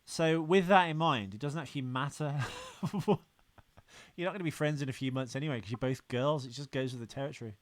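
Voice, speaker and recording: A man's voice: mid-range voice, quick pace, few pauses, no room sound. A man co-hosting a podcast, making dry, teasing provocations in casual chat. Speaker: podcast co-host.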